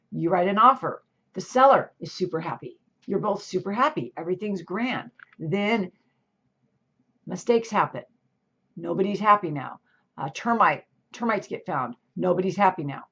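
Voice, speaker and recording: A middle-aged woman talks casually to her viewers, chatty and easygoing, often stopping to rephrase herself or toss in an aside. Her voice sits at a medium pitch. The recording sounds a little dull and lo-fi. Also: fairly bright tone. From California. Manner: chatty, self-interrupting, lots of asides. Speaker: real estate agent and channel host. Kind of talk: casual talking-to-camera intro. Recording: slightly dull lo-fi audio.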